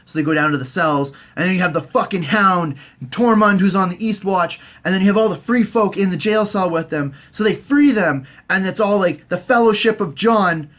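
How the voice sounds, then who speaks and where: A young man, recapping a TV season in a casual, profane, jokey way and slipping into quick silly character voices. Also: fairly high pitch, a bit bright. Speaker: recap host.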